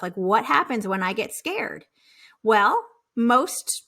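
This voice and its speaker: A woman speaks as a business coach in a casual motivational talk, chatty and encouraging. Her voice sits a little high and swings widely in pitch, and she often slips into the worried inner voices of her listeners. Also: fairly bright tone.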